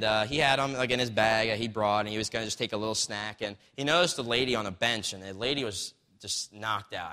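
A man preaching a casual, story-driven sermon, often checking in with the crowd through quick rhetorical asides. His voice is bright and forward. It rings out with a long reverb, as if in a large hall. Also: lowish voice. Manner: conversational, storytelling with acted quotes, frequent "right?" asides.

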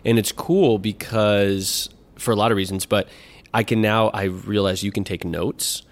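A man's voice: fairly low pitch, steady tone, unhurried. A man co-hosting a podcast, chatting casually in a rambling, upbeat way with many fillers. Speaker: podcast co-host. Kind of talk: casual chat.

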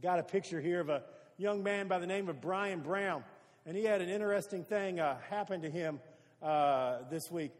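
A man's voice: high voice, normal speed, in a large hall. A man preaching a sermon as pastor, earnest and stacking repeated phrases for emphasis.

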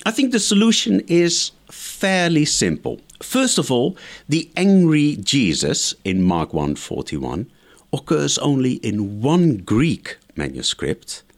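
A man's voice: mid-range voice, big pitch swings, slow pace. A man, a scholar guest in an interview, giving methodical explanatory answers point by point. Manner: lecturing, methodical, enumerates points.

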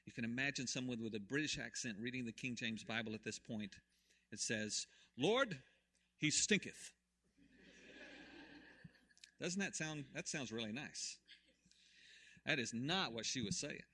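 Bright-voiced male pastor preaching dramatically. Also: mid-range voice, moderate pace. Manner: dramatic retelling, swinging from hushed to loud. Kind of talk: sermon.

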